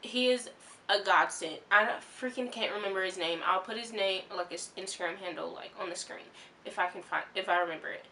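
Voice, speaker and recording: A young woman telling her vlog audience a story in an excitable, rambling way, full of "like" and restarts. Her voice is bright and sharp, her pitch sits in the middle of the range, and there is a faint hiss of background noise. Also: fairly quick. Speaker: vlogger.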